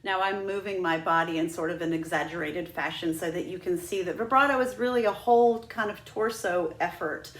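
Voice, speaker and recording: A woman's voice: lowish voice, fairly quick, few pauses, reverberant. A woman teaching a flute lesson, patient and demonstrative, walking students through each step. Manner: patient, demonstrative, breaks into sung "ha ha" drills. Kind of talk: instructional lesson.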